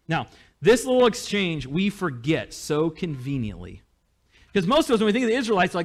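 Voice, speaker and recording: A man preaching a sermon as pastor, in a conversational, animated way. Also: a little high, fairly quick. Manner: conversational, animated, with small laughs.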